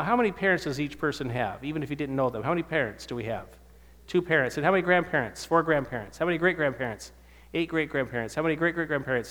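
In a hall with long reverb, a man in his fifties gives a testimony to a church audience, telling his life story sermon-style and acting out the voices of people in it. His voice sits on the high side with a fairly bright tone.

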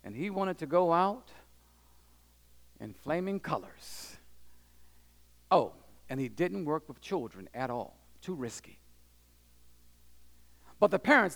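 High-voiced man telling a sermon story. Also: very animated, unhurried, long pauses, a bit bright. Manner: dramatic storytelling, acting out voices, asks the audience if they are listening. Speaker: preacher. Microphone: handheld or stand microphone.

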